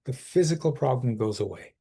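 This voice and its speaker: Male coach, podcast guest; mellow, slightly husky tone, emphatic and explanatory. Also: medium pitch, expressive, brisk. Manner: emphatic, explains with quoted inner dialogue. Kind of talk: conversational podcast interview.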